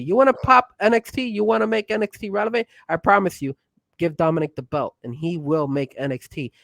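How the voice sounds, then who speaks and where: A man co-hosting a casual wrestling chat podcast, pushy and excitable, getting loud when he is hyped. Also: fairly high pitch, no room sound. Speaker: co-host.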